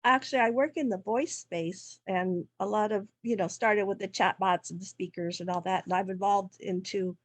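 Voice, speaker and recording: A woman's voice: medium pitch, steady tone, normal speed, few pauses, no room sound. A woman on a video call asking an eager, rambling question in a casual chat. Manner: eager, talkative, run-on sentences. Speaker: webinar audience member asking a question.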